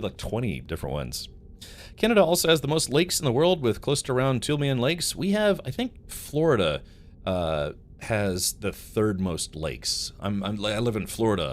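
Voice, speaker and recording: Lively low-voiced man rambling on stream. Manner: rambling storyteller, laughs often, talks to chat. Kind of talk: casual live gameplay stream chat.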